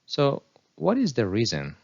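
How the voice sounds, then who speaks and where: A man narrating a scripted English pronunciation lesson, reading example sentences slowly and deliberately. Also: medium pitch, huge pitch swings, gravelly, darkish tone, husky, highs cut off.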